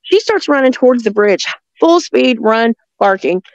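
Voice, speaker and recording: A woman's voice: on the high side, expressive, moderate pace, dry recording. A woman telling a story in casual, rambling talk, often restarting her sentences. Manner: rambling, with restarts and frequent laughs. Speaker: guest recounting encounters. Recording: dull lo-fi sound.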